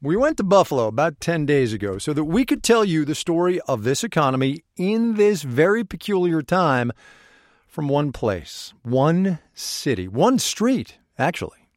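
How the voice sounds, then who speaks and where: A man's voice: on the high side, very animated, moderate pace, dry recording, clean studio sound. A middle-aged man hosting a public radio business program, talking in a wry, conversational way while on location in a cafe. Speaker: radio show host.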